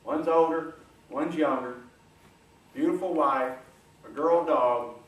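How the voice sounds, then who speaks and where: A man's voice: a little high, takes it slowly. Folksy man in an echoey hall. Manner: folksy, animated, coaxing the audience. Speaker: guest speaker. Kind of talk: motivational talk. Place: large lecture room. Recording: echoey room, distant mic, faint hiss.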